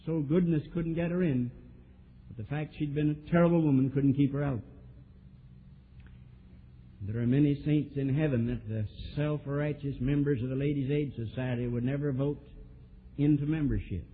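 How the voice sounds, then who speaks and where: A man preaching a sermon, telling a story and swinging from soft, low asides to emphatic, raised lines. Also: steady tone, moderate pace, long pauses, a little hiss or hum. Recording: old tinny lo-fi sermon tape.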